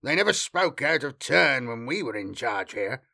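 Man doing a slow, scornful soldier. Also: mid-range voice, sing-song, vocal fry, bright, forceful tone, heavily acted. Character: scornful warrior soldier, male.

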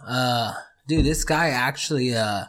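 A man's voice: mid-range voice, measured pace, fairly bright tone. A young man co-hosting a casual podcast, telling stories in a laid-back way, swearing often and calling his friend bro and dude. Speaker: podcast co-host. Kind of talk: casual chat.

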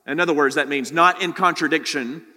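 Male pastor, fairly high bright voice, chatty teaching sermon with lots of "right?" asides, long hall reverb. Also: a little fast. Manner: conversational teaching, frequent "right?" tag questions.

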